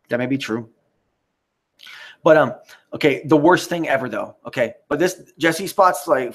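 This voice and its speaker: A man's voice: mid-range voice, gravelly. A man hosting a live stream, ranting in a rambling, profane and mocking way while answering the chat. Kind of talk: casual live-stream rant.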